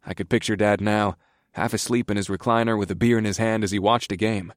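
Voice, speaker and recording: A man reading a first-person story in an easy, conversational manner. His voice sits low, recorded close and dry in a studio booth. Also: fairly even intonation, brisk, dry recording. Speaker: audiobook narrator. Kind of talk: scripted first-person narration.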